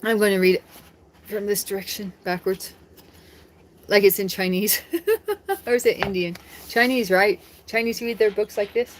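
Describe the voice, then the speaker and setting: A woman's voice: medium pitch, steady tone, moderate pace, long pauses, a little hiss or hum. Chatty lady streamer from the us, rambly, giggles between thoughts. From United States. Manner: chatty and rambling, laughs often. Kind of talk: casual chat on a live stream.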